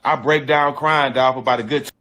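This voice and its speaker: A man's voice: medium pitch, fairly even intonation, brisk, pushed and bright. A man telling a personal story in casual slang, emphatic and repetitive, often restarting his sentences. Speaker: storyteller guest.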